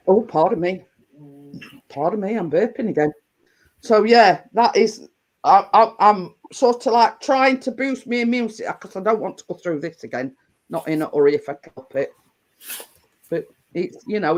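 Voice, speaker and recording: On a roughly recorded livestream, a woman with a voice on the low side chats casually to her viewers. She rambles, restarting often and filling gaps with fillers.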